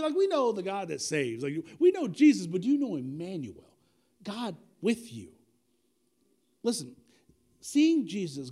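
Animated, high-voiced male preacher. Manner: animated and conversational, with slang and direct questions to the congregation. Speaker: pastor. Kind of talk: sermon.

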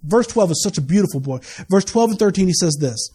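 Man, pastor, high voice, animated sermon, jokey asides, loud then hushed. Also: fairly quick, breathy edge. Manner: animated preaching with asides and laughter, swinging from loud to quiet.

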